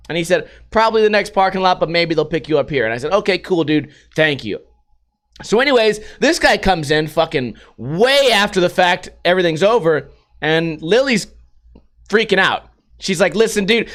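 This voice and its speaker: Podcast host, male, high voice, casual and profane, acts out the voices in his anecdotes. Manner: profane, animated retelling with acted-out quotes. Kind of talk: casual storytelling and news commentary.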